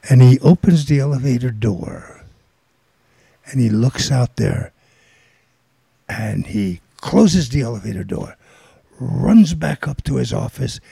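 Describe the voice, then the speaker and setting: A man's voice: medium pitch, slow pace, gravelly, pauses often, husky, no room sound. An older man telling a long rambling anecdote in casual chat, acting out the voices of people in it. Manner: rambling, animated storytelling with quoted voices.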